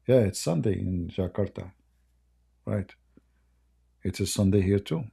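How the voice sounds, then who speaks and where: Male stream host, dark gravelly tone, mocking and rambling, voice going. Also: fairly low pitch, lively intonation, measured pace, long pauses. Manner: mocking, rambling, laughs often. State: losing his voice. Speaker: live-stream debate host. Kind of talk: casual live-stream chat.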